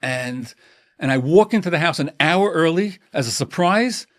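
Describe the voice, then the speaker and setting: An indignant husband repeats himself with mounting insistence, as a man acts him out. His voice has a gravelly edge, heard close and dry. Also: a little high, animated, moderate pace, no echo, pitched above the performer's own voice, exaggerated voice. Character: exasperated husband coming home early.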